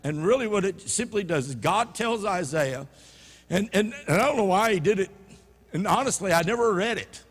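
A man with a Louisiana Southern accent preaches a sermon, his high voice leaping across a wide range. He drops to low murmurs, then climbs to loud, emphatic peaks. The sound carries the long reverb of a church hall. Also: expressive, normal speed, slightly rough. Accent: Louisiana Southern American. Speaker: pastor. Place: church sanctuary.

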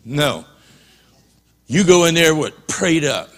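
A man's voice: on the high side, lively intonation, slow pace, pauses often, in a large hall. A man preaching a passionate sermon as a pastor in a church, often repeating and restarting his words.

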